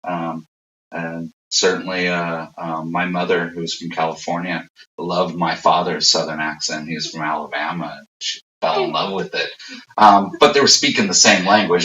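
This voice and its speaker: A deep-voiced American man gives loose, rambling interview answers full of fillers and restarts. His tone is bright and forceful. He sits back from the mic in a roomy space, and the audio sounds dull. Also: far from the mic. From USA. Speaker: interview guest.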